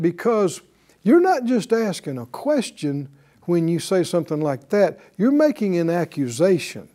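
Here a man preaches with a high, warm voice that swings widely in pitch. He moves slowly, questioning the congregation and prompting their replies in call-and-response.

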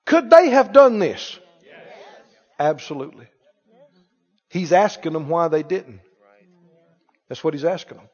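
A man preaching a sermon, animated, asking the congregation questions and acting out scenes. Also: high voice, slow, long pauses, husky. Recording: reverberant church hall, dull lo-fi sound.

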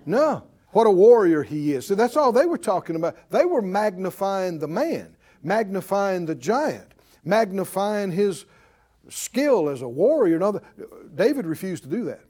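A male preacher delivering a sermon in an animated storytelling manner. His voice sits high and swings widely in pitch, and he acts out the people in the story as he goes. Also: unhurried, husky.

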